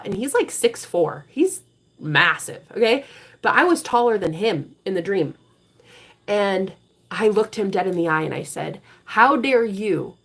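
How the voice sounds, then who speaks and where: Blunt, cursing woman tarot reader. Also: mid-range voice. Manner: blunt, profane and emphatic; preachy and forceful when driving a point home. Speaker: tarot reader hosting a live reading stream. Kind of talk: casual live-stream talk.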